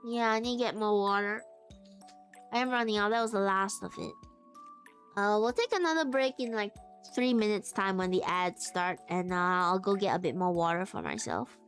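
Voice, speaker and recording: A woman's voice: mid-range voice, moderate pace, soft background music. A woman streamer chatting casually and giggling often, with lots of fillers, while sewing on a livestream.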